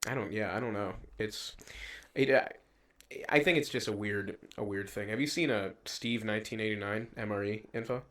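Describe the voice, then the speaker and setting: A young man co-hosting a podcast, chatting casually and rambling with lots of swearing, getting animated when he quotes people. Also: fairly low pitch, normal speed. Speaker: podcast co-host. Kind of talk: casual chat.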